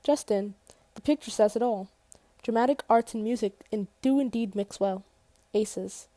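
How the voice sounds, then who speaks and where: A woman's voice: a little high, normal speed, dark tone, no room sound, lightly acted. A woman reading out the messages of a mysterious, grandiose anonymous texter in a mock-grand way. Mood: taunting.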